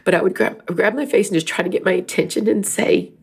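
A woman's voice: medium pitch, fairly even intonation, fast talker, gravelly, husky. A middle-aged woman talking candidly about faith and grief, emotional and rambling, teary at times. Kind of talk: personal faith talk.

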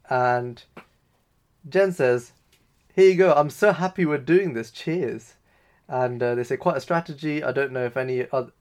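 A man co-hosting a talk show, casually retelling scenes and quoting dialogue loosely. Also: mid-range voice. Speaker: podcast co-host. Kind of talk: casual recap discussion.

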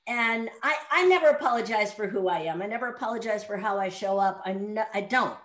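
A middle-aged woman telling lively stories in a casual chat, laughing often as she talks. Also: mid-range voice, a little fast, poor audio. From Chicago area. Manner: animated storyteller, laughs often.

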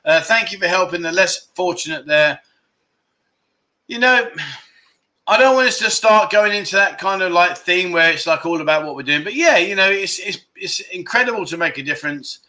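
A man's voice: sits high, expressive, moderate pace, sharp tone. A man hosting a casual livestream, chatty and grateful, with many restarts as he thanks viewers. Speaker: livestream host. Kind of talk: casual chat reading out viewer donations. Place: Pattaya, Thailand.

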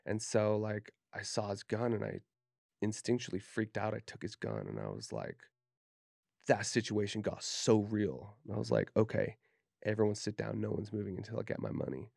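A low, gravelly male voice from Utah, talking as a podcast guest. He is frank and profane, and he acts out the lines he and others said. The sound is close and dry, with no room in it. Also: sing-song, moderate pace, a little mellow, dry recording. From Utah, USA. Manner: candid, profane, acts out quoted speech. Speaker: podcast guest, tattoo artist. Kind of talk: casual storytelling interview.

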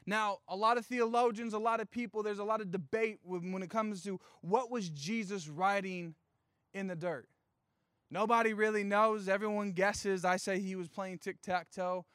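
A young man preaching a sermon, telling a story with animated, playful asides and casual slang. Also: high voice, moderate pace, clear, resonant tone, dry recording, clean studio sound. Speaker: youth pastor.

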